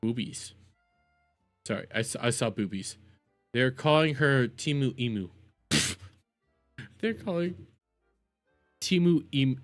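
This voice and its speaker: Slow, rambling streamer talking to chat. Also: medium pitch, lively intonation, no room sound, soft background music. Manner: rambling, repeats and stammers, laughs often. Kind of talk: live stream reaction chat.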